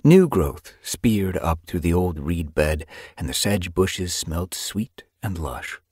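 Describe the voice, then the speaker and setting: A man narrating an audiobook with expressive storytelling. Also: low-pitched, takes it slowly, breathy edge, no room sound, clean studio sound. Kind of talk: scripted narration.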